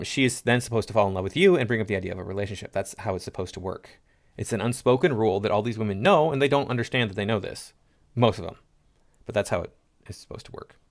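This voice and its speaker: Brief: male commentary host, lowish voice, indignant lecturing rant. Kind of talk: reaction commentary.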